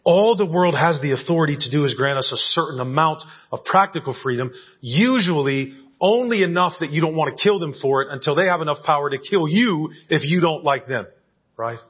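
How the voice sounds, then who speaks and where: A man's voice: on the high side, animated, brisk, slightly rough. A male pastor preaching a conversational sermon in a church, often checking in with the congregation. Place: church sanctuary. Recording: dull lo-fi church audio recording.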